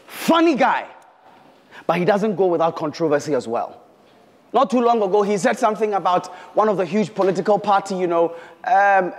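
A man hosts a quiz show, his high voice bouncing all over the place as he hypes the crowd. He is playful and loud, shouting his introductions. It is recorded in a reverberant hall with a live audience and some noise behind him. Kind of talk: hyped game show hosting.

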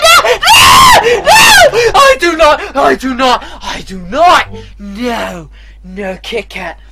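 A man's voice: high voice, pushed and bright, a little hiss or hum. A man giving foul-mouthed, rambling commentary while playing a horror game, breaking into screams when startled. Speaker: let's play commentator. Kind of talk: gameplay commentary.

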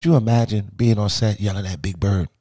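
A man hosting a casual live stream, talking in an animated, profane way that swings from shouts to mutters. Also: on the low side, quick pace, dry recording, clean studio sound. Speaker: streamer and host.

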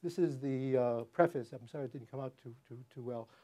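Older guy giving a lecture, lots of uhs and restarts, mellow dark voice. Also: medium pitch. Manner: halting, with frequent fillers and restarts. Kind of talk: academic public lecture. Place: lecture hall.

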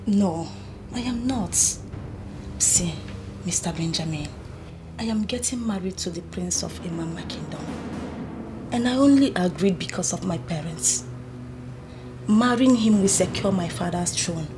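An actress with a Nigerian accent playing a kind young princess who talks in an earnest, soft way. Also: female voice, on the low side, animated, unhurried, long pauses, noisy background.

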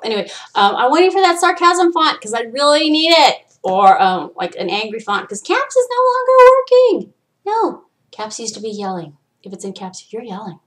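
A woman hosting a solo podcast, ranting in a profane, animated way and swinging between loud outbursts and low asides. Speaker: podcast host.

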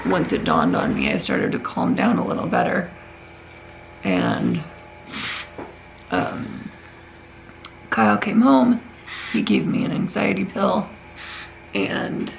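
A woman's voice: a bass voice, vocal fry, slight background noise, low-quality recording. A tired woman talking candidly in a casual home vlog, telling a long rambling story with many restarts. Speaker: vlogger.

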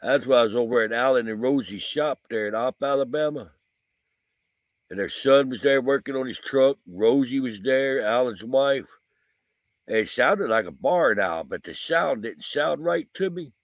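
At night beside a camper van, a male vlogger and paranormal investigator spins a rambling, folksy story packed with fillers while crickets and insects chirp around him. His medium-pitched voice is animated, his pace moderate, and there's no echo.

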